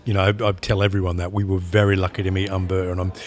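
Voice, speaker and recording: A lowish male voice belonging to a film director in conversation. He rambles and restarts, stacking repeated words while he gathers his thoughts. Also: flat delivery, rapid-fire. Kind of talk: interview conversation.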